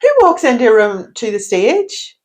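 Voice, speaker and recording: A woman's voice: on the high side, big pitch swings, darkish tone. A woman co-hosting a podcast, chiming in with teasing remarks in casual chat. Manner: teasing, quick interjections. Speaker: podcast co-host.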